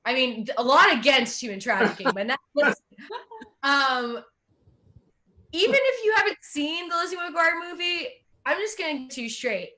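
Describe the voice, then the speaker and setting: A high, bright young woman from Russia who does not sound Russian, hosting and doing stand-up. She talks in a chatty, self-mocking way and laughs along with her own jokes. Her voice rings clear. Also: expressive, moderate pace. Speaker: stand-up comedian and host. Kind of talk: stand-up comedy.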